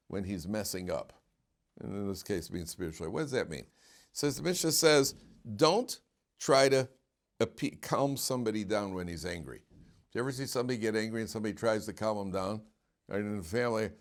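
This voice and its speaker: A rabbi a fairly low voice teaches an informal class. He talks in an animated way and stops often to question his students. His sentences break off and restart as he thinks aloud. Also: fairly quick.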